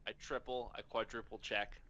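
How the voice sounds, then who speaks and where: A man player describing his character's actions in a tabletop game, speaking in a halting, hesitant way. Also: on the low side, flat delivery, sharp tone, highs cut off. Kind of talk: in-character role-play narration.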